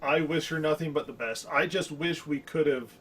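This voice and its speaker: A man's voice: a little high, moderate pace, a bit bright, breathy edge. A man co-hosting a casual podcast with dry, sarcastic jokes. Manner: wry, sarcastic, joking. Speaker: podcast co-host.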